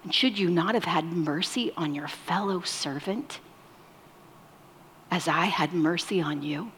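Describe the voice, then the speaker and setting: A woman preaching a sermon, moving between loud emphatic lines and soft whispered ones. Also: fairly low pitch, measured pace, slight background noise. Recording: long hall reverb.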